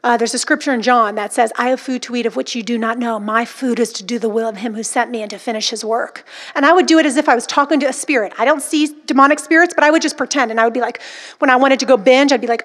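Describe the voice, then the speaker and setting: Woman preacher, high voice, emphatic and dramatic delivery. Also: fast talker, fairly bright tone. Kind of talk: sermon.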